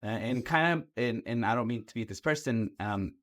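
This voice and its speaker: A man's voice: mid-range voice, moderate pace, fairly bright tone. A man co-hosting a podcast, listening attentively and chatting casually. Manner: attentive, frequent affirming interjections. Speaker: podcast co-host. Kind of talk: casual chat.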